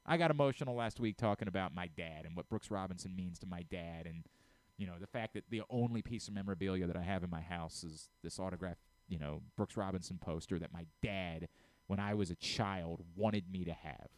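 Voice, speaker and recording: Hosting a sports talk radio show, a middle-aged man with a deep voice speaks a little fast on a recording without echo. He is earnest and openly emotional, often stumbling over his words and restarting sentences.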